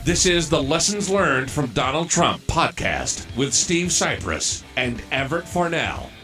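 A man delivering a bombastic, drawn-out podcast intro. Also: on the high side, sing-song, bright, forceful tone. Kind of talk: hyped show intro. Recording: dull lo-fi sound over music.

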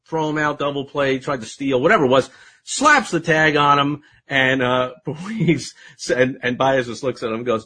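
A man with a slightly high, husky voice ranting in a casual live video. He talks in animated bursts, jumping from loud exclamations to quiet mutters, recorded outside by a pool. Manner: animated, swings between loud outbursts and quiet asides. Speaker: livestream host. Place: outdoor terrace by a pool.

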